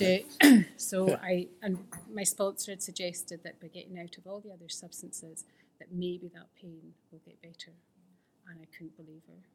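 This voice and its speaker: A woman's voice: on the low side, darkish tone, a little hiss or hum. A woman telling her recovery story to a fellowship, candid and earnest, often sinking to a near-whisper. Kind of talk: personal recovery testimony.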